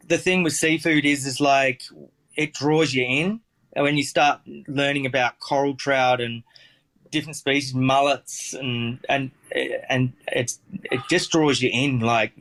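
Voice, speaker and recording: A man's voice: medium pitch, a bit bright. A man with an Australian accent, a chef telling stories in a casual interview, rambling with lots of fillers and restarts.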